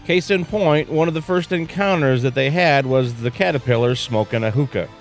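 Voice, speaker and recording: A man reads a scripted recap at a steady, measured clip, his voice sitting mid-range. Faint instrumental music plays beneath him. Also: mid-range voice. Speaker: tribute video narrator. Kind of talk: scripted narration.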